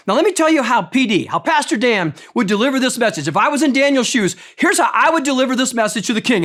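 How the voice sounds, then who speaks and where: Lively, conversational male pastor preaching. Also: very high-pitched, fast, few pauses. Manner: conversational, emphatic, with direct questions to the congregation. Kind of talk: sermon.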